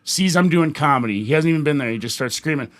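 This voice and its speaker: A man from Denver, a comedian and podcast host, telling stories in a casual, animated way with plenty of swearing. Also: a little high, fast. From Denver, United States. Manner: animated, swearing, acts out voices in anecdotes. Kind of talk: casual storytelling chat.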